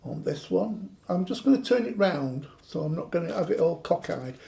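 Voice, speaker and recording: A man's voice: high voice, expressive, normal speed, creaky, mellow, a little hiss or hum. A man chatting through a craft demonstration, joking and poking fun at himself. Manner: joking, self-mocking banter.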